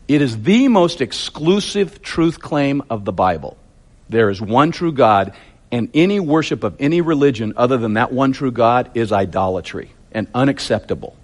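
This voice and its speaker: A man's voice: medium pitch, lively intonation, moderate pace. A man preaching a sermon, telling the story vividly and emphatically with lots of repetition.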